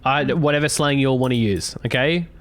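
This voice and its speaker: A man's voice: medium pitch, fairly quick, fairly bright tone. A man, a player role-playing his character in blunt, slangy, swearing talk. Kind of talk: casual in-character role-play.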